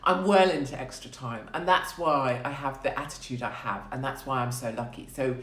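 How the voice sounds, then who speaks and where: A woman's voice: extremely low pitch, normal speed. Blunt, sweary woman in her forties. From United Kingdom. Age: 40s. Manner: blunt, sweary, laughing often. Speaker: host. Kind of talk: casual live-stream monologue. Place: room in quarantine. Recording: roomy echo.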